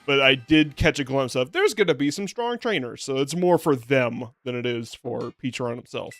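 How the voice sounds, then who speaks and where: A hoarse young man chatting casually while streaming a video game, rambling, joking at himself and laughing often. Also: mid-range voice, lively intonation, moderate pace, a bit bright, no room sound, faint music behind. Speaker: VTuber streamer. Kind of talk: casual gameplay stream chat.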